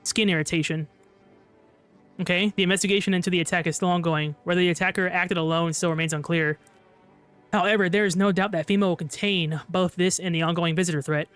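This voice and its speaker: A man voicing a brisk male news anchor in a game, reading the bulletin quickly in a flat newsreader manner. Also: high-pitched, clean tone, soft background music. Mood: formal.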